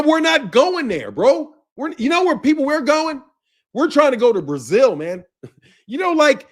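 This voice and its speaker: Laughing, high-pitched man ranting. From United States. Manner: loud, profane, laughs often between lines. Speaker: boxing commentary channel host. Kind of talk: ranting commentary.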